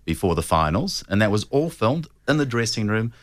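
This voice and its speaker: Brief: New man, voice coach guest, very low voice, measured, dry close sound. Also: very animated, dry recording. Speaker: voice and presentation coach. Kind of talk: radio interview answers.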